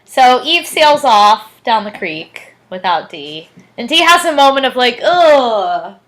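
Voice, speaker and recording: A woman's voice: a little high, very animated, a little slow, a bit bright, rough recording. A young woman co-hosting a podcast, chatting casually and giggling as she recaps an episode. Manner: giggly, lots of fillers and laughs. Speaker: podcast co-host.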